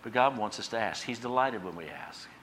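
Guy preaching a sermon, bright forceful voice, gets loud then drops quiet, bit of faint noise. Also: lowish voice, expressive, fairly quick. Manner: preaching with rising emphatic bursts and quiet asides. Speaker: pastor.

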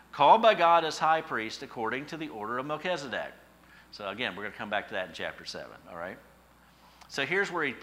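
A man's voice: mid-range voice, sharp tone, slight background noise. A man preaching a sermon in a conversational way that rises to emphatic peaks, reading scripture and explaining it. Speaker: pastor.

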